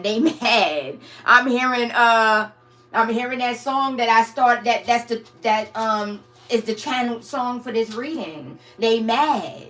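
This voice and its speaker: A woman's voice: on the high side, animated, slow, a bit bright, soft background music. A woman giving a channeled tarot reading to her viewers, casual and blunt, swearing freely and calling them her babies. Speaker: tarot reader.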